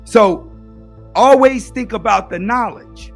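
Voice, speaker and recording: Preachy high-voiced man giving life advice. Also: takes it slowly, gravelly, faint music behind. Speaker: YouTube commentator. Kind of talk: casual monologue commentary.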